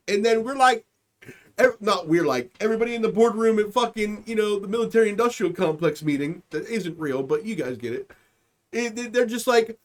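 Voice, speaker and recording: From a home streaming setup, a comedy podcast host rants in a profane, rambling monologue, slipping into mocking voices. His voice sits high, with lively intonation and a slightly fast pace.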